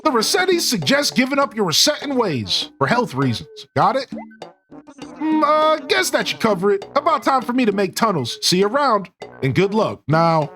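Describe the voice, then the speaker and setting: A man's voice: sits high, sing-song, normal speed, a bit bright, faint music behind. A man voicing an older male mole with a put-on New Jersey accent, reading game dialogue in a folksy, rambling, earnest way. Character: older male mole, apologetic easygoing brother.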